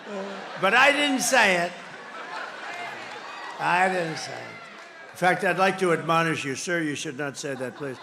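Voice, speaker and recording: A man's voice: a little high, expressive, a little slow, gravelly, long pauses, a crowd in the background, noisy background. A man giving a campaign rally speech at a podium microphone, combative and repetitive, with mocking asides. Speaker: political candidate. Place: large rally venue.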